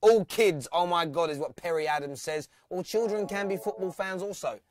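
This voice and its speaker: A man's voice: high voice, normal speed. A man hosting a live football phone-in, chatty and teasing, laughing often. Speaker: phone-in host. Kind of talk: live fan phone-in show.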